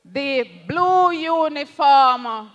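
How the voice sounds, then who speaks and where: Impassioned Jamaican rally speaker, high voice, long echo. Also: extremely slow, a bit bright, highs cut off. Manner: impassioned, addresses the crowd as comrades, slips into patois. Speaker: political candidate at a rally. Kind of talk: campaign rally speech. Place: political campaign rally.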